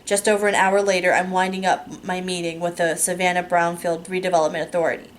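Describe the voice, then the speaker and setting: A woman reading a first-person novel aloud, steady and unhurried, with small self-corrections. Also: on the low side. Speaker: audiobook narrator.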